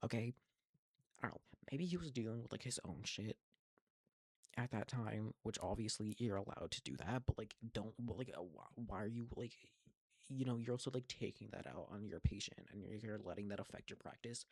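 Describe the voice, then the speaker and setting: Gravelly-voiced eighteen-year-old guy ranting. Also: lowish voice, expressive, darkish tone, no room sound. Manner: rambling, profane, halting restarts. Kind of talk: casual venting monologue to camera.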